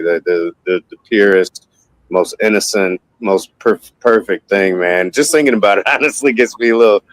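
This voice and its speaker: A man co-hosting a podcast, speaking earnestly in halting phrases that repeat words and often add "man". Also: sits low, no room sound, rough recording. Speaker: podcast co-host. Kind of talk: casual podcast chat.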